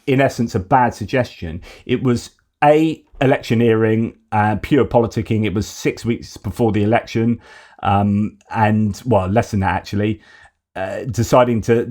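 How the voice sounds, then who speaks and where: A man's voice: lowish voice, normal speed, darkish tone. A man hosting a news commentary show, talking through current events in a conversational, opinionated way as he thinks aloud. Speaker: host of a news commentary channel.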